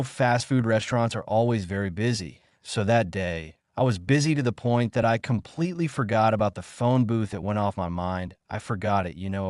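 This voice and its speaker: A man's voice: fairly low pitch, no room sound, studio quality. A man narrating a suspenseful first-person story in a dramatic way, repeating phrases to build tension.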